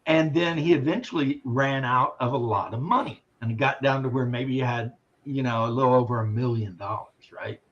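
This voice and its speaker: A man's voice: mid-range voice, normal speed, few pauses, a bit bright. Wry man on a dull lo-fi mic. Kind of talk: casual chat. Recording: dull lo-fi sound.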